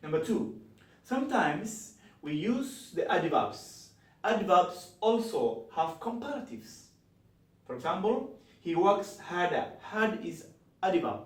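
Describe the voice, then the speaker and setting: A man teaching an English grammar lesson, slowly spelling out words and repeating each form. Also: fairly high pitch, lively intonation, far from the mic. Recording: echoey room, from the mic.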